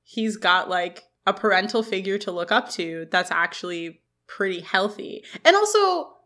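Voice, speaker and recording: A woman's voice: on the low side, fairly even intonation, moderate pace, bright, forceful tone. A young woman co-hosting a podcast, chatting casually and recapping a TV episode with lots of "like" fillers. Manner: chatty, many "like" fillers, acts out quoted lines. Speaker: podcast co-host.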